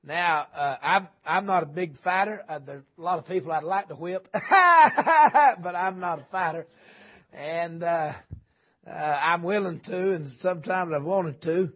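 Revival preacher, husky high tenor, folksy with shouting peaks, lo-fi church tape. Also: male voice, fairly even intonation, moderate pace. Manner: folksy, joking, swings from low asides to shouting. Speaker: visiting preacher. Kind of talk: revival sermon. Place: church sanctuary.

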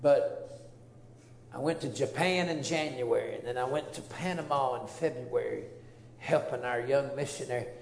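A man's voice: medium pitch, normal speed, vocal fry, a little hiss or hum. A man, a preacher telling an earnest, emotional testimony story. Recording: roomy echo.

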